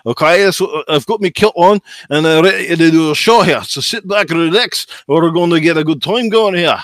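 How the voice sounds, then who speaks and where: A man putting on a cheerful kilted Scotsman, hamming up a broad Scottish accent for laughs. The voice sits higher than his own and bounces along with showman glee. It is a jolly figure playing host to a crowd. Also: fairly quick, no room sound, studio quality, close to an everyday voice. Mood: hammy, jolly. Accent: put-on Scottish. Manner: hammy, self-mocking.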